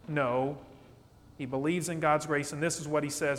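A man preaching a sermon as pastor, animated and conversational, often checking in with "okay?". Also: on the high side, normal speed. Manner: animated preaching, acts out quotes, asks "okay?". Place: church sanctuary. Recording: long church reverb.

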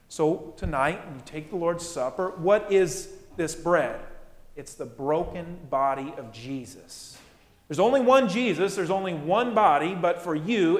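A male pastor preaching with emphasis, his voice sitting a bit high. He drives points home by repeating them. The sound carries a long, roomy church reverb. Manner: emphatic, repeats key phrases. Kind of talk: sermon.

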